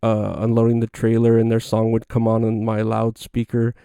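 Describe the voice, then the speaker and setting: A young man hosts a casual solo podcast, telling stories loosely and profanely with lots of fillers. His voice is on the low side, monotone, gravelly, dark, and smooth at a normal speed, recorded with clean studio sound and no echo.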